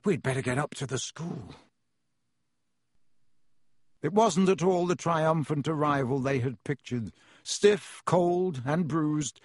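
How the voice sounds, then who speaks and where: Husky man narrating a storybook. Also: fairly high pitch, dry recording, clean studio sound. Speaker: audiobook narrator. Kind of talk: scripted narration.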